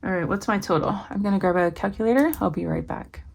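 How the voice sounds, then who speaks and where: A young adult woman talking candidly to camera in a casual home vlog, thinking aloud and reading figures slowly. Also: medium pitch, gravelly. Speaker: vlogger.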